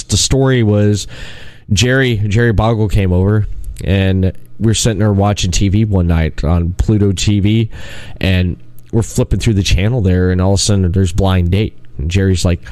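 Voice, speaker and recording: Male podcast host, low voice, casual rambling storyteller, dry room. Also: normal speed, darkish tone, no room sound. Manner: rambling storyteller, quotes others with lowered voice.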